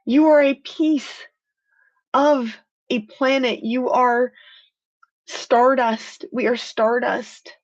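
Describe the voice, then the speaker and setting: A woman with a fairly high voice talks earnestly and with feeling to her live-stream viewers. Her speech is heartfelt and encouraging, with a slightly dull, lo-fi sound. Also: fairly even intonation, drawn-out words. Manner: earnest, heartfelt and emotional, says "freaking" for emphasis. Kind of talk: motivational live-stream talk.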